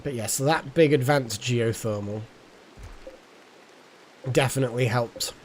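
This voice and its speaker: A man's voice: medium pitch, measured pace, a little hiss or hum. A man streaming a game live, chatting casually and thinking aloud as he plays. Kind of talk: casual live gameplay commentary.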